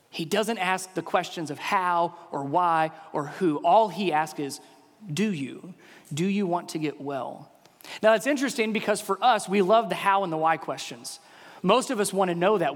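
A male pastor with a high voice preaches a sermon in a large room full of listeners. His words ring with a long hall reverb. He keeps it lively, jumping up and down in pitch to act out the voices in his listeners' heads. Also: normal speed. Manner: animated, acts out the congregation's inner voices with jumps in pitch.

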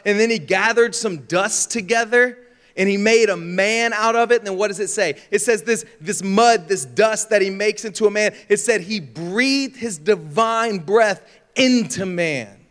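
A young man preaching a sermon, telling a funny childhood story with lively shouts and gasps, then turning reflective. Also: sits high. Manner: animated storyteller, acts out scenes with shouts and gasps. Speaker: pastor. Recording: long hall reverb.

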